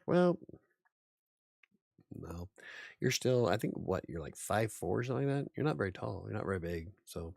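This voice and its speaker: A man's voice: fairly low pitch, sing-song, normal speed, gravelly, pauses often, darkish tone, dry recording, clean studio sound. A man hosting a casual livestream as an author, rambling a little, chuckling and answering chat comments aloud.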